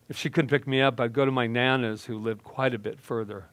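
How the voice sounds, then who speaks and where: A male minister telling a personal story in a slow, deliberate, dramatic way. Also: mid-range voice, fairly even intonation, dry recording. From United States.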